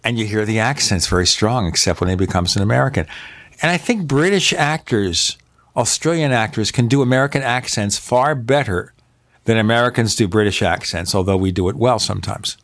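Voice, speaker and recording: A man's voice: lowish voice, a little fast, a bit bright. A man hosting a podcast in casual chat, talkative and opinionated, piling up examples. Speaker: podcast host. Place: home in Arizona.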